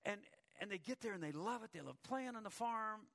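A man's voice: high-pitched, lively intonation, brisk, vocal fry, a bit bright. A male pastor preaching a sermon, telling a story and often repeating words as he starts a thought.

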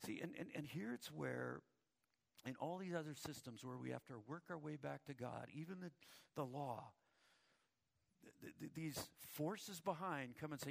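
A man's voice: a little high, normal speed, vocal fry. A male pastor preaching a sermon, telling a story and often repeating words as he starts a thought.

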